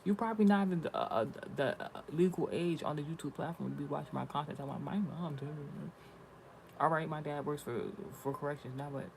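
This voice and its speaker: A man's voice: a little high, fast talker, gravelly, slight background noise, low-quality recording. A man ranting in a casual, profane vlog, telling rambling stories and reading spiritual messages. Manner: blunt, cursing, rambling storytelling.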